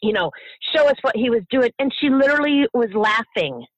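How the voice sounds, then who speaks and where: A middle-aged bereaved mother, a guest in an emotional interview, speaking passionately and haltingly, repeating herself, at times near tears. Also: a little high, expressive, dry recording, dull audio.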